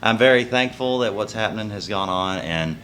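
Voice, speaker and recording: A man's voice: lowish voice, a little fast, fairly bright tone, slight background noise. A young man, a country singer telling his story in a casual interview, earnest and humble, rambling with restarts.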